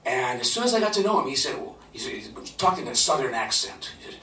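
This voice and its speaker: Bright-voiced man telling a story. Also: medium pitch, big pitch swings, fast, a little hiss or hum. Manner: conversational, laughing. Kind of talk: live storytelling. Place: live event venue. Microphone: camcorder from a distance. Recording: roomy, from far off.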